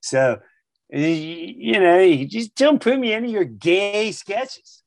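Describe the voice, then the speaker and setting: A man voicing a blunt, irreverent middle-aged comedian who talks in a gruff, profane and dismissive way. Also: high-pitched, lively intonation, measured pace, no room sound, voice pushed up, heavily acted, low-quality recording.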